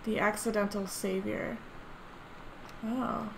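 A young woman giving profane, excitable commentary while playing a video game. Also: medium pitch, a little slow, background noise. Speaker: let's play gamer. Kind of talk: gameplay commentary.

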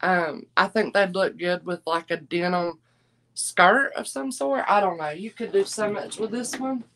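A woman's voice: mid-range voice, measured pace, fairly bright tone. A middle-aged woman, chatting folksily with viewers as she hosts a live clothing and jewelry sale. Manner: chatty, folksy, calls viewers y'all and darling.

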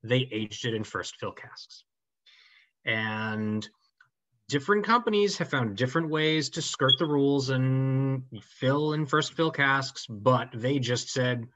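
A man's voice: mid-range voice, measured pace, fairly bright tone, no echo. A man presenting a whisky tasting, explaining in a knowledgeable, conversational way over a video call. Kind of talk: informal explanatory talk. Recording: dull, dry call audio.

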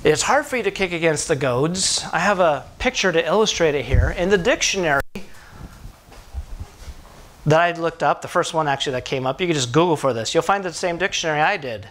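Animated preaching man, fairly high voice. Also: fairly quick. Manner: animated storytelling preacher, asks the congregation questions. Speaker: pastor. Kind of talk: sermon.

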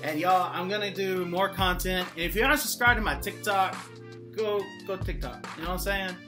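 A man's voice: sits high, normal speed, music in the background. A young man talking casually to the camera, joking and rambling with lots of "like" and "y'all". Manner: rambling, joking, heavy use of "like". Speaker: vlogger. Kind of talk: casual monologue.

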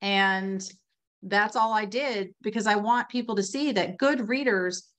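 Over a video call, a woman with a mid-range voice joins a casual webinar conversation about reading instruction. She's chatty and animated, peppering her measured-pace speech with "you know" and "like."

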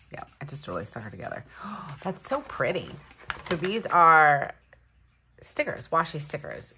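Female vlogger, low voice with lively swoops, gushy and excitable, casual unboxing chat at home. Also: slight background noise. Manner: excitable, gushing, thinks aloud. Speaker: planner vlogger. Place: home room.

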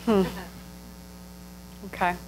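Slow-spoken woman actor. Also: slight background noise, low-quality recording. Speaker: workshop actor.

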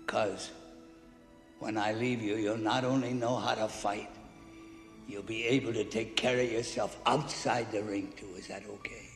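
Older trainer: gravelly, blunt, streetwise; roomy film audio, score beneath. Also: male voice, on the low side, fairly even intonation, a little slow. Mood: tender. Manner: street slang, rough and blunt. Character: gruff old male boxing trainer, devoted mentor. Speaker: boxing trainer. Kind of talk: film drama acting. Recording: echoey room with score music.

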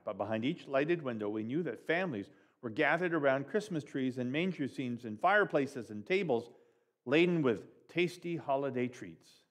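Expressive man reading a story. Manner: expressive, with big swings in pitch and loudness. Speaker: church storyteller for children.

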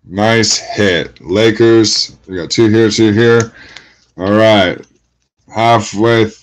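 A man's voice: fairly low pitch, steady tone, takes it slowly, poor audio. A man hosting a trading card break, calling out each card and greeting viewers, getting hyped at big pulls. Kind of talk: live card-breaking commentary.

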